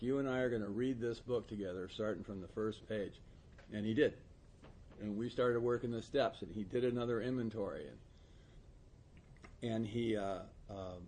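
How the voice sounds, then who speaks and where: A man's voice: mid-range voice, a little mellow. A man in recovery telling a story in casual chat, often laughing mid-sentence and acting out quoted lines. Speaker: podcast guest in recovery.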